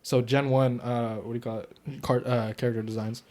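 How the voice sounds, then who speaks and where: A young man co-hosting a podcast, chatting casually and profanely about a movie, getting loud when worked up. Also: medium pitch, level tone, normal speed. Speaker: podcast co-host. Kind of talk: casual movie review chat.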